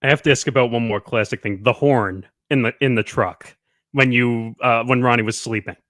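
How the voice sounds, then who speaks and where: Casting: male podcast host, bright, bouncy delivery, dry room. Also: mid-range voice, fairly even intonation, normal speed, dry recording. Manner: eager, prompting guest for favorite stories. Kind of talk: casual interview.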